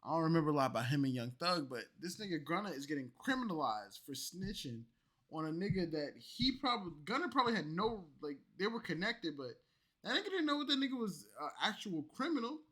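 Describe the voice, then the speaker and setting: A tipsy man ranting over clips in a profane, animated commentary. His fairly high voice jumps from shouted outbursts down to a slurred mumble. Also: quick pace. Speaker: streamer reacting to clips.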